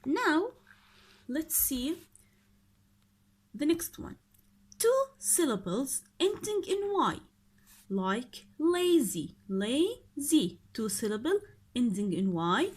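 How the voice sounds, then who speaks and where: A woman teacher with a slightly high voice leads a recorded grammar lesson. Her pitch rises and falls a great deal. She speaks slowly and explains each rule in steps, stopping to ask her pupils questions. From Oman. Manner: slow, explaining step by step, questions to students. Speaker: English teacher.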